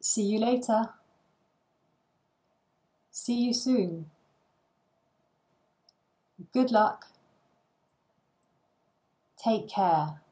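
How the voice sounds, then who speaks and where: A woman reading short English phrases one at a time for language learners, with pauses between them. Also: a little high, mellow.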